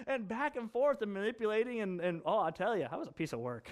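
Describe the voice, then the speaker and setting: High-voiced chatty male pastor. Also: lively intonation, fast, hardly any pauses. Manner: chatty, jokey asides with laughter. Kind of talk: conversational sermon.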